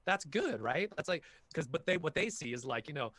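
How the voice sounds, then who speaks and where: Fast and somewhat high-pitched, this man is a voice actor guesting at an online workshop. Of half Filipino heritage, he chats casually and animatedly, a talkative storyteller sharing lengthy anecdotes from his work.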